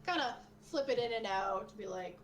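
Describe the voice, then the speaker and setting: A woman runs a tabletop game session, narrating scenes in a loose, relaxed way with lots of fillers. Her pitch sits in a middle range, and a faint hiss lies under her voice. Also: moderate pace. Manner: casual, filler-heavy, relaxed. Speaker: game master.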